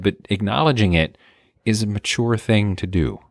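Male co-host, dad, very low voice, relaxed, dry wit, close dry mic. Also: normal speed, dry recording. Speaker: podcast co-host; father. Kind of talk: casual chat.

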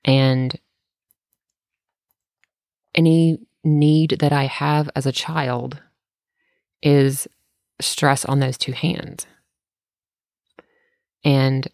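A woman's voice: low-pitched, vocal fry, darkish tone, no room sound, studio quality. A woman and parent telling a candid family story in casual conversation, self-deprecating and ready to laugh at herself.

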